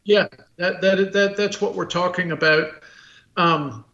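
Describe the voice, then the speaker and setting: An American guest expert on a podcast, a man who speaks bluntly and stumbles through restarts and fillers. His voice sits a little high for a man. The sound is roomy and muffled, like a remote call. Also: steady tone, bright, forceful tone. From United States. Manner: halting, full of restarts and fillers. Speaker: guest expert on military rifles. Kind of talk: podcast interview.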